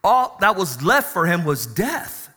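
A male pastor preaching a sermon who swings from quiet storytelling to loud, joyful exclamations. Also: high-pitched, very animated, measured pace, husky, long reverb tail.

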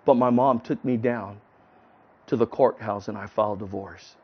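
A man quoting his fed-up, apologetic wife in a quiet, resigned tone. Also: lowish voice, moderate pace, husky, pitched below the performer's own voice. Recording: dull lo-fi recording.

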